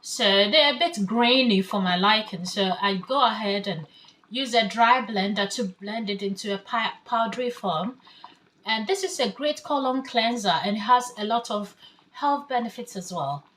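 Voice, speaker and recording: A woman's voice: mid-range voice, moderate pace, fairly bright tone, a little hiss or hum. A woman from Ghana giving a casual cooking demonstration in her home kitchen, chatting through each step as she works. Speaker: home cook.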